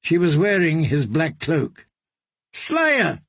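A man narrating an audiobook in a steady storytelling manner, close to the mic. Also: fairly high pitch, measured pace, breathy edge, dry recording. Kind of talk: scripted narration.

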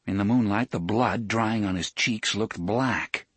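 A man narrating a story in an expressive storytelling manner. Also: fairly low pitch, measured pace, slightly rough, no echo. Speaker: audiobook narrator. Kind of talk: scripted narration.

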